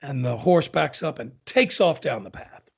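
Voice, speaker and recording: Gravelly, husky man rambling through jokes. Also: mid-range voice, expressive. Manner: rambling, halting with fillers. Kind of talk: casual chat and joke telling.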